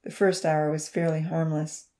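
A woman reading a children's novel aloud in a calm, even storytelling manner. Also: low voice, moderate pace. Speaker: audiobook narrator. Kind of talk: scripted narration.

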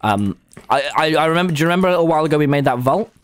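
Man, gaming streamer, excitable, swears a lot, lively up-and-down voice. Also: fairly high pitch, rapid-fire, a little hiss or hum. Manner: excitable, swears often, tells stories animatedly. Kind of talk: casual gaming chat.

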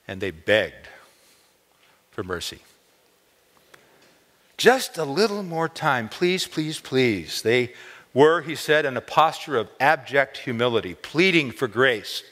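Male chapel speaker, mid-pitched, expressive storyteller, long reverb from the hall. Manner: expressive, lifts pitch on key words. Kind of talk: storytelling sermon. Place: college chapel.

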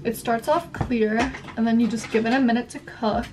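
Talking at a moderate pace in a voice on the high side, a young woman chats and rambles through her haul vlog, leaning heavily on "like." The mic is distant, leaving her a bit off-mic, with background noise and faint music underneath.

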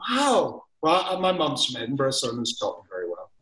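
A man's voice: mid-range voice, huge pitch swings, fairly quick, fairly bright tone, reverberant, rough recording. A man with a Northern Irish accent, chatting as a guest on a video call in a rambling, jokey, self-deprecating way. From Northern Ireland. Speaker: guest illustrator and author. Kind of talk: casual chat.

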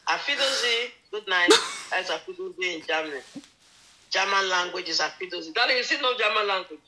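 A woman's voice: fairly low pitch, fast talker, pushed and bright, a little hiss or hum, poor audio. A woman, a mother reassuring her daughter in a preachy, teasing way.

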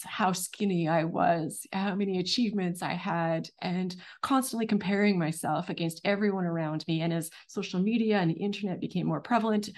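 A woman's voice: fairly low pitch, darkish tone. A woman hosting an interview, speaking in an encouraging, reflective way to her guest and viewers. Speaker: host.

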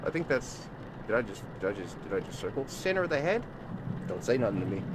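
A man with a medium-pitched, sing-song voice talks at a quick pace in a very noisy recording, loud game music playing behind. He's commentating a horror game let's-play on his channel, nervously rambling and repeating himself to viewers he calls bro and y'all, scared and sweating.

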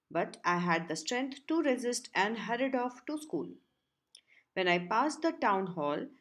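A woman narrating a textbook story as an audiobook, in a steady, clear reading. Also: mid-range voice.

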